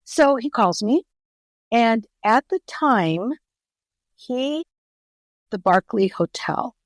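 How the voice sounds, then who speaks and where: Middle-aged woman, podcast guest, animated storyteller, dry close recording. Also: a little high, slow, dry recording. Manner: animated storyteller, acts out quoted voices. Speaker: guest author.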